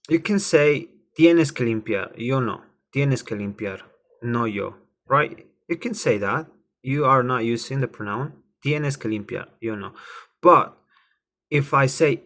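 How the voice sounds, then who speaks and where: A man's voice: mid-range voice, a bit bright. A man teaching a language lesson, spelling out words and repeating phrases over and over. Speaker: Spanish teacher. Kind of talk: slow, repetitive language lesson.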